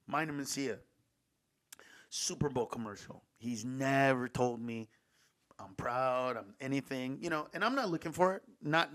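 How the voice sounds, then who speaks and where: A man hosting a podcast, telling stories in a lively, casual way, swearing freely and dropping in Spanish words, close on a studio mic. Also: medium pitch. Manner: animated, profane, mixes in Spanish words. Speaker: podcast host. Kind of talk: casual storytelling chat.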